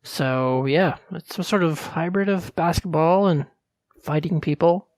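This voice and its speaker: A man co-hosting a gaming podcast, explaining game updates in detail in a relaxed, chatty way. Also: a little high, measured pace, no echo. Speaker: podcast co-host. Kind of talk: casual gaming podcast chat.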